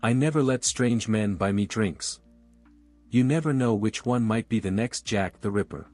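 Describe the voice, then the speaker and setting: A man voicing a wary, flustered young woman who answers with nervous, quick retorts. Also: on the low side, darkish tone, faint music behind, natural voice.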